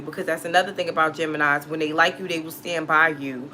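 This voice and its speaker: A woman's voice: deep voice, fairly even intonation, fast, bright, forceful tone, a little hiss or hum. A woman telling a personal story in a casual vlog, emphatic and full of swearing, breaking into laughter. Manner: profane, emphatic, laughs often. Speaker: tarot reader telling a story.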